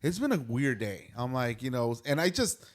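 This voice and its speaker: Young man, podcast co-host, casual storytelling, lively acted-out quotes, mid-pitched voice. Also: moderate pace. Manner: animated retelling, acts out quoted dialogue.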